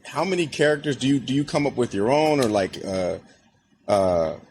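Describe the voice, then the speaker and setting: A man's voice: mid-range voice, lively intonation, normal speed, a little mellow, slight background noise. Host: easygoing guy, casual slang, mid-range voice, conversational interviewer. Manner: laid-back, slangy, calls guest brother. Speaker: podcast host. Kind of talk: casual podcast chat.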